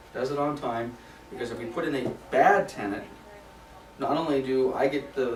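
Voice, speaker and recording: A man's voice: mid-range voice, recorded from a distance, slight background noise. A man presenting a property management training class in a casual, conversational way, often checking in with "okay?". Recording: roomy sound from off mic.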